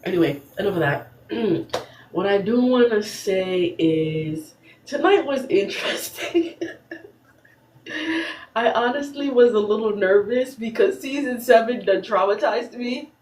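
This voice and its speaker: A woman's voice: on the high side, measured pace, slight background noise. Sassy laughing woman in an echoey room. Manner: animated, sassy, laughing often. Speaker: podcast host. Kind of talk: casual recap commentary.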